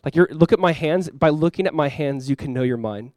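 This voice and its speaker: A man's voice: on the high side, brisk, a little mellow, no echo, studio quality. A young man preaching a sermon to his church as pastor, earnest and conversational, with many fillers.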